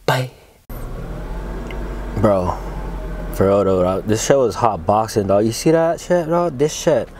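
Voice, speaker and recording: A man's voice: fairly low pitch, expressive, slow, long pauses, a little mellow, slight background noise. A young man talking in a casual, laid-back vlog review, full of slang and swearing, calling his viewers dog and bro. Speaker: cannabis reviewer.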